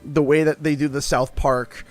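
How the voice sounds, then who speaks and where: A man's voice: on the high side, level tone, moderate pace, soft background music. A man with a Canadian accent, chatting casually while streaming a game, rambling with many fillers. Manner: rambling, chatty, fond of putting on a playful accent. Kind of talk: casual livestream commentary.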